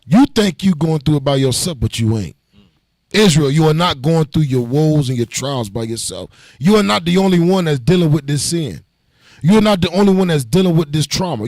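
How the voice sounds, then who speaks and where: Gravelly, animated man teaching scripture. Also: a little high, a little fast, no room sound. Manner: animated, joking, blunt street talk. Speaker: Bible class teacher. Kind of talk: preaching lesson with call and response.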